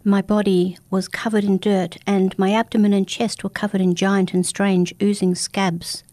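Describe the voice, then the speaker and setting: Woman storyteller, first-person folktale, warm dark voice, dry close mic. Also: medium pitch, moderate pace, few pauses, dry recording. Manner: steady, dramatic storytelling. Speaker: narrator.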